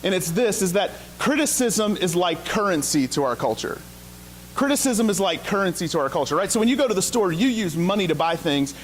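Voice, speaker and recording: A man's voice: sits high, expressive, a little fast, slight background noise. A male pastor from Ohio giving a conversational sermon full of storytelling and sarcastic, self-deprecating asides. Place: church sanctuary.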